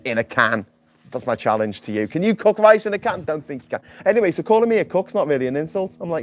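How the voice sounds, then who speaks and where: A man's voice: a little high, very animated, quick pace. A man hosting a livestream in a casual, jokey, rambling chat, often repeating words as he starts sentences. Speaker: livestream host. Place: island home without mains power.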